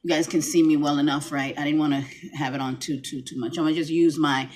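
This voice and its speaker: A woman's voice: low voice, fairly even intonation, quick pace, darkish tone, a little hiss or hum. A middle-aged woman talking casually to her camera at home, rambling with many restarts. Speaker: vlogger. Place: home room, lights dimmed.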